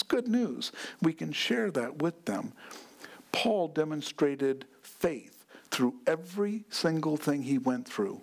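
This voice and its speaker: A man preaching a sermon as pastor, in an earnest, unhurried delivery. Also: a little high.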